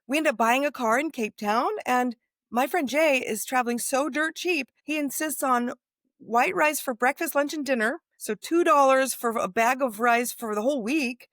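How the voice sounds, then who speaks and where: A chatty American woman in her fifties tells stories with a fairly high voice, bringing every quoted line to life. The recording is close and dry, with no room echo. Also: normal speed. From United States. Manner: animated storyteller, acts out quoted dialogue. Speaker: guest author. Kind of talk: casual interview storytelling.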